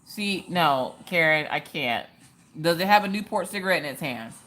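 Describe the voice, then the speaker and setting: A woman's voice: low-pitched, lively intonation, normal speed, fairly bright tone. A woman hosting a casual craft live stream, joking around and answering viewers in the chat by name.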